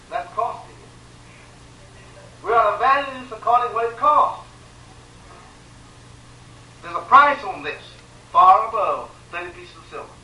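A man preaching a sermon with emphatic repetition, swinging between loud pleading and quiet, sorrowful lines. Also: high voice. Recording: echoey room from far off, faint ambience.

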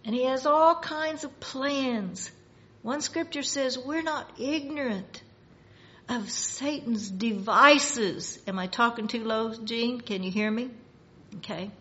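Woman preacher, slow and deliberate sermon, higher voice, muffled lo-fi recording. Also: bright, forceful tone. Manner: slow, measured preaching that rises for emphasis.

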